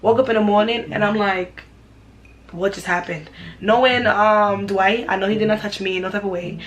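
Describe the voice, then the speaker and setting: A young woman, casually retelling a personal story for her vlog, animated and repetitive. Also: mid-range voice, moderate pace, slight background noise, rough recording. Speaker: vlogger.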